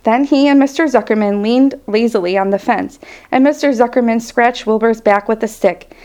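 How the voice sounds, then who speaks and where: A woman reading a children's storybook aloud in a gentle, expressive way, with small slips and restarts. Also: a little high, moderate pace. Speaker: storybook reader.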